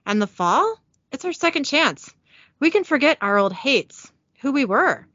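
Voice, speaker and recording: A woman's voice: high voice, sing-song, a little slow, sharp tone, no room sound, lo-fi sound, full character voice. A woman reading the lines of a cheerful, reformed male angel who is now a family man, in a slightly raised voice. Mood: earnest.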